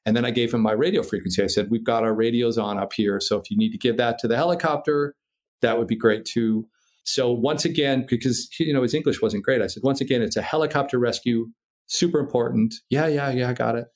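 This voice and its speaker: A man's voice: medium pitch, quick pace. An American man telling a story casually, swearing freely and acting out voices and sound effects. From United States. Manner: animated, profane, acts out voices and sound effects.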